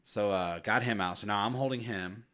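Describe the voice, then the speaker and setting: A man's voice: fairly low pitch, normal speed, a bit bright. A young adult man co-hosting a podcast, telling a family story in casual chat, swearing freely and acting out what family members said. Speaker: podcast co-host.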